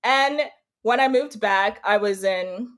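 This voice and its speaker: A woman's voice: mid-range voice, takes it slowly. A young woman from the United States, a podcast guest talking reflectively in a casual interview, with light laughs mid-sentence. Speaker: podcast guest, brand consultant.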